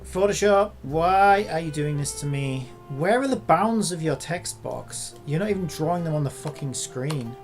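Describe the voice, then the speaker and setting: A content creator talking casually while working at a computer, muttering and swearing at the software in exasperation. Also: medium pitch, expressive, moderate pace, few pauses, faint music behind.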